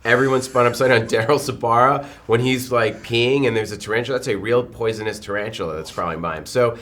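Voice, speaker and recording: A man's voice: medium pitch, a little hiss or hum. A man in his forties, a film director, telling stories in a press interview and acting out the quotes. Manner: animated, quick storytelling with acted-out quotes.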